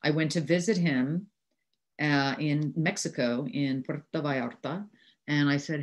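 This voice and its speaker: Low-pitched American woman, 60s, New Yorker; lively storyteller who laughs as she talks. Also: measured pace. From New York City. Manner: animated anecdotes, frequent laughter. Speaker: actress, interview guest. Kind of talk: casual storytelling interview.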